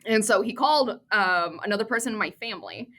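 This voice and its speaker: Woman, Midwest-raised, podcast guest, lively storytelling, laughs often, bright tone. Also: medium pitch, quick pace. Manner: lively anecdotal, frequent laughter. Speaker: cybersecurity expert guest.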